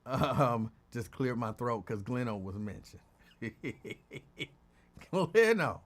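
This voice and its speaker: A man's voice: medium pitch, fairly even intonation, takes it slowly. A man hosting his own show, telling rambling stories in a casual chat and laughing often. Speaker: show host.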